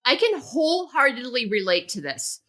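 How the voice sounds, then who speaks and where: A woman hosting a podcast, talking conversationally and stressing key words with animated rises. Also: on the high side, moderate pace. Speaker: podcast host.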